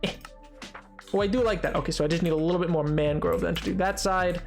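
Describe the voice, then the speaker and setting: A young man streaming a game, chatting casually with viewers and telling stories in an animated way with frequent laughter. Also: sits high, fast talker, vocal fry, soft background music. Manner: animated storytelling, laughs often, mocking voices. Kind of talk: casual live-stream chat while gaming.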